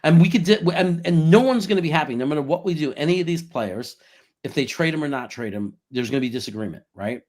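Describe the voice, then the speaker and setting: A man co-hosting a casual sports chat, animated, chuckling often and talking in long run-on thoughts. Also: on the high side, quick pace. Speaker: podcast co-host.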